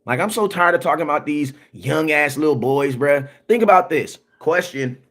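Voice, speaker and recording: A man's voice: a little high, expressive, normal speed, fairly bright tone, slight background noise. A man hosting a sports livestream, ranting emphatically in slangy, repetitive talk and answering viewer comments. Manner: emphatic and repetitive, slangy, often asks "you know what I'm saying". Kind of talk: animated livestream rant.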